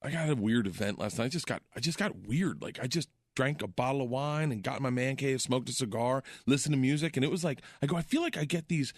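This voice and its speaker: A man telling comic stories in casual chat. He laughs often and jumps into excited voices when quoting people. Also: quick pace, hardly any pauses, dry recording, clean studio sound. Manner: animated, laughs often, does high excited voices in quotes. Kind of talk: casual comedic storytelling.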